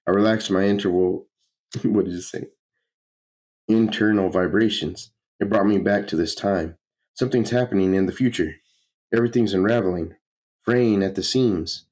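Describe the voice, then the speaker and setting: A man's voice: fairly low pitch, normal speed, a little mellow, close to an everyday voice. A man doing a frantic speedster hero. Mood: panicked.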